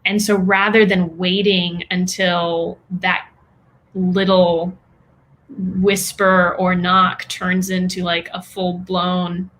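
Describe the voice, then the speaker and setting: A woman guest in a casual interview, speaking haltingly with many fillers and restarts and light laughs between phrases. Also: lowish voice, level tone, fairly bright tone. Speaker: guest, women's health practitioner.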